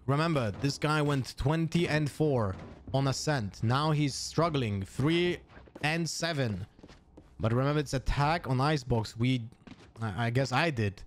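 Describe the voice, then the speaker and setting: A man with a non-native English accent doing live esports play-by-play, excitable and thinking aloud with restarts. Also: on the high side, a little hiss or hum. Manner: excitable, jumps up to shouts on kills. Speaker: esports caster.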